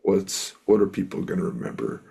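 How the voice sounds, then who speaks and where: This middle-aged Canadian musician and speaker, appearing as an interview guest, has a low, mellow voice with vocal fry and a breathy edge. He talks briskly and animatedly, telling stories earnestly and rambling with plenty of fillers.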